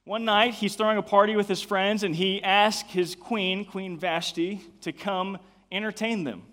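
A man's voice: sits high, fairly even intonation, a little slow, a bit bright. A young adult man giving a casual youth sermon in a chatty way. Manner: casual, chatty, many fillers. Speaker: youth pastor.

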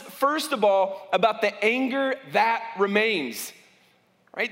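Pastor guy w a high voice giving a sermon, lots of stops and restarts, long hall echo. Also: fairly bright tone. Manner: conversational preaching with repeated restarts.

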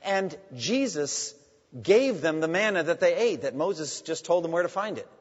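Husky-voiced preacher in a hall. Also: male voice, on the high side, animated, moderate pace. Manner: emphatic preaching with wide swings between loud and hushed. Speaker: pastor. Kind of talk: sermon. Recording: dull sound in a long-reverb hall.

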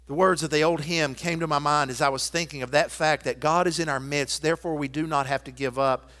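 High-voiced man preaching with big swings. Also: fairly even intonation, fairly quick, hardly any pauses. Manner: swings from loud emphatic preaching to soft intimate tones; quotes scripture and hymn lines. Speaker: pastor. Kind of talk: sermon.

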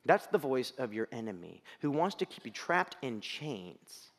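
A man's voice: medium pitch, very animated, a little slow. Earnest male pastor in a reverberant hall. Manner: earnest, builds to emphatic peaks, quiet prayer. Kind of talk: sermon. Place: church sanctuary.

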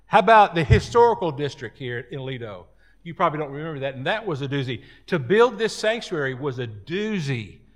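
A man's voice: fairly high pitch, sing-song, a little fast. A man preaching a sermon as pastor, folksy and rambling, with repeated words and chatty asides.

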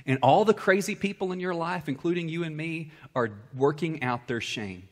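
A male pastor preaching a sermon, swinging between loud, high-pitched bursts and hushed, low-voiced passages. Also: normal speed.

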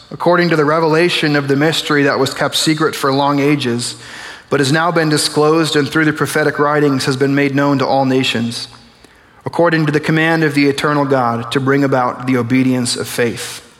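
A man's voice: fairly high pitch, fairly even intonation, fairly quick, a bit bright. A young man preaching a conversational sermon as pastor, joking and acting out small everyday scenes. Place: church. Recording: long reverb of a large hall.

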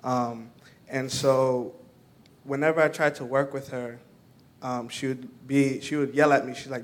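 A young man tells a personal story to a church group. He talks haltingly, with many fillers and restarts. His pitch stays level throughout. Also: flat delivery. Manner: halting, full of "um" and "like". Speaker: church member giving a testimony.

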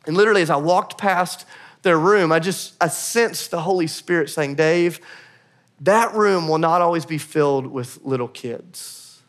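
A man in his thirties with a high voice preaches a sermon. He talks loosely and conversationally, tossing in quick asides and poking fun at himself. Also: fairly bright tone. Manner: conversational, self-deprecating humor, quick asides. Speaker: pastor.

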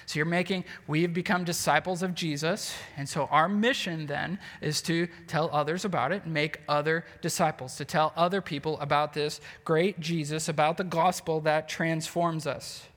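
A man's voice: fairly high pitch, steady tone, normal speed, few pauses, fairly bright tone, big-room sound. A man preaching a sermon with earnest emphasis, frequent rhetorical questions and filler words. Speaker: pastor.

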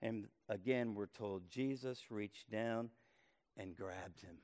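A man preaching a sermon, swinging from loud calls to hushed tones and repeating words as he speaks. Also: fairly low pitch, slow. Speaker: pastor. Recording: long reverb of a hall.

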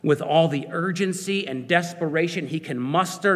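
A man's voice: fairly high pitch, moderate pace, few pauses, in a large hall. A man preaching a sermon, earnest and searching, putting questions to his listeners.

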